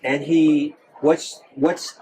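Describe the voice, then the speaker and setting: A man's voice: a little high, little pitch movement, drawn-out words, a little mellow. A man, a monk, answering audience questions in a temple hall, earnest, with many restarts and repeated phrases. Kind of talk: live Q&A talk.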